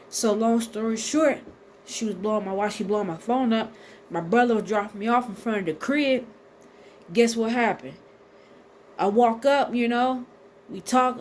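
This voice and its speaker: A woman in her thirties telling a storytime to her viewers in a casual, animated, profane way. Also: fairly high pitch, slight background noise. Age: 30s. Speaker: vlogger.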